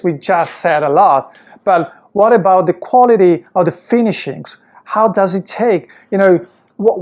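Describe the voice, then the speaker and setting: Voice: mid-range voice, a little mellow, highs cut off. Enthusiastic guide on a live product tour. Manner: enthusiastic, with frequent restarts and fillers. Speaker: company presenter. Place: large indoor warehouse workshop.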